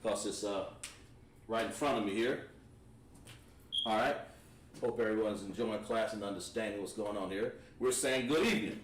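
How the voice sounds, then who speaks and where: His voice is on the low side, his speed normal, and he pauses often as he teaches an online language class at a whiteboard. Relaxed, he explains each step while writing. Slight background noise, room echo, and a distant mic come through.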